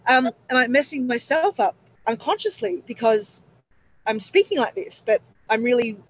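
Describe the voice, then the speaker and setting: A woman's voice: fairly high pitch, expressive, normal speed. A woman co-hosting a casual spiritual chat, rambling and interrupting herself anxiously. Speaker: co-host. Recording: dull lo-fi sound.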